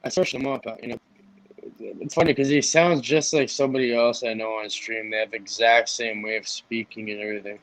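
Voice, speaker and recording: A man's voice: medium pitch, fairly even intonation, fairly quick, fairly bright tone, no room sound, low-quality recording. A man in a casual group chat on a livestream, talking in a loose, rambling way with lots of fillers.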